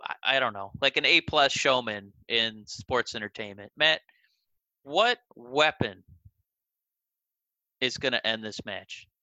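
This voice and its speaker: Jokey podcast co-host guy, really bright tone, dry mic. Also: mid-range voice, expressive, slow pace, long pauses, dry recording, dull audio. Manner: playful, jokey. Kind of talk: casual wrestling podcast chat.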